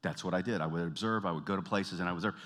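A man from the American South with a Southern accent, performing an animated stand-up comedy routine. He tells stories and jumps into high, exaggerated voices. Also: racing. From Southern United States. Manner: animated storytelling, jumping into high put-on voices.

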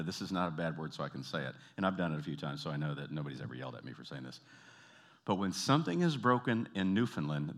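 A man's voice: deep voice, a bit bright. A middle-aged man doing stand-up comedy, telling stories and breaking into character voices, often laughing at his own jokes. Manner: storytelling, self-amused, mimics voices.

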